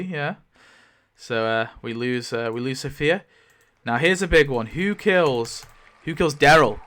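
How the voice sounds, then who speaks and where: A man's voice: on the high side, clean tone. A man giving casual, rambling commentary full of fillers as a YouTuber spinning a wheel. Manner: rambling, lively, many fillers and laughs.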